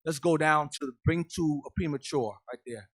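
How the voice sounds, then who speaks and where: A man's voice: fairly high pitch, normal speed, fairly bright tone, breathy edge. A man teaching a Bible class as a deacon, preaching emphatically and calling out instructions to a reader.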